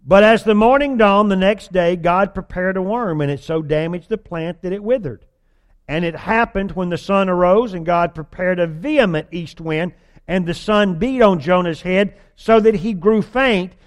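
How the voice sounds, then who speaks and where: High-voiced folksy male preacher. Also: moderate pace. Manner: folksy, humorous, acts out voices with exaggerated whining. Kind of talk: sermon.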